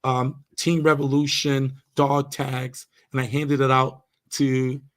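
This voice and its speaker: A man's voice: medium pitch, flat delivery, takes it slowly, a bit bright. A man, a karate instructor, talking as a guest on a podcast, telling stories earnestly with many fillers and restarts. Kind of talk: casual storytelling interview.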